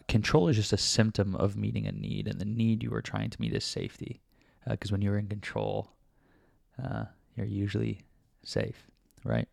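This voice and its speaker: A man's voice: fairly low pitch, creaky, darkish tone, no room sound, clean studio sound. A man vlogging a casual, reflective monologue, rambling with many fillers and restarts, sometimes talking to himself with self-mocking laughs.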